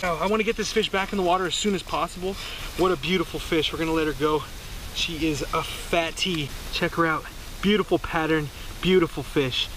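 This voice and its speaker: A man in his twenties filming himself ice fishing outdoors, talking excitedly and saying "dude" all the time. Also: on the high side, a little hiss or hum. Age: 20s. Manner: excitable, says "dude" constantly. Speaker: fishing vlogger. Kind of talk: excited outdoor vlog commentary. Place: outdoors on a frozen lake.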